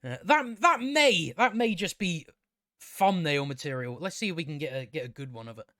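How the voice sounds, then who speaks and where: A man's voice: fairly high pitch, expressive, moderate pace, bright, forceful tone, dry recording, clean studio sound. A man giving a rambling, exasperated and profane casual review of a TV show as host of his own channel. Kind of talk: casual spoken review commentary.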